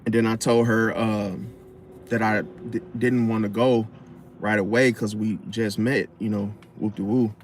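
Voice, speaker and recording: A man giving casual advice in a slangy, animated way, often acting out loud high-pitched interruptions. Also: unhurried. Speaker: astrology commentator.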